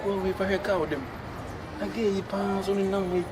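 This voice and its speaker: A man doing a loud, bantering street comedy skit outdoors. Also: sits high, steady tone, fairly quick, music in the background. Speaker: comedy sketch performer. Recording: noisy outdoor street recording.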